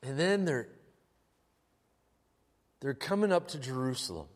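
A man preaching a sermon, telling the story in a casual, animated and humorous way. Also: medium pitch, measured pace. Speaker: pastor. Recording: long hall reverb.

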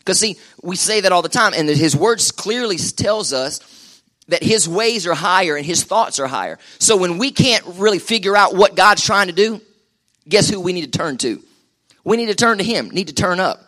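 Male pastor, middle-aged, fairly high, bright and forceful delivery, joking call-and-response sermon in church. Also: expressive, moderate pace. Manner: joking, chatty, calls for crowd response. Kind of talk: lively live sermon. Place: church service with live congregation.

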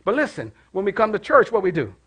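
A middle-aged man preaching a sermon in church, calling out to the congregation and dropping to hushed prayer. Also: sits high, wildly swooping pitch, quick pace, husky. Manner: call-and-response preaching, rising to shouts and dropping to hushed prayer. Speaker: pastor.

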